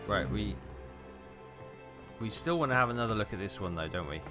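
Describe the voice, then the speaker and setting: A man's voice: lowish voice, lively intonation, moderate pace. A Welsh man giving rambling let's play commentary, muttering and thinking aloud as he pieces things together. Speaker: game streamer. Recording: voice over game music. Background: game music.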